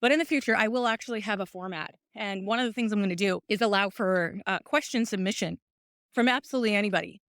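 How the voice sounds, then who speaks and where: Here a fast-talking woman with a mid-range, slightly bright voice hosts her podcast on an uphill outdoor walk, panting as she offers upbeat, encouraging, casual stream-of-consciousness chatter. It was recorded on a phone, yet it sounds studio quality with no room sound.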